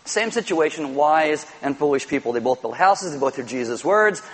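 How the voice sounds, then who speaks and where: Husky-voiced man preaching a sermon. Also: a little high, normal speed, poor audio. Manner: animated storytelling with acted-out quotes. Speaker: pastor.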